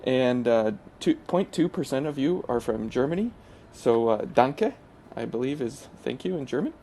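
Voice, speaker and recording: A man hosting a gaming channel, talking through gameplay in a casual, hesitant way with many pauses and restarts. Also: medium pitch, expressive, mellow, slight background noise. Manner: hesitant, full of uh fillers and restarts.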